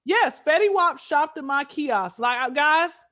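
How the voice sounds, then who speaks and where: A woman from with a high voice talks as a comedy guest. She tells casual stories in an animated, joking way, jumping into loud bursts of emphasis. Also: unhurried. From Georgia, USA.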